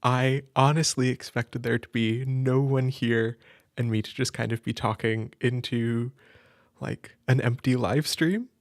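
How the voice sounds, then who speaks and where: A man hosting a live stream, nervous and excited, chatting loosely with lots of fillers and restarts. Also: mid-range voice, unhurried, no echo, studio quality. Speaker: audio role-play creator hosting a live stream. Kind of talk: casual live-stream chat.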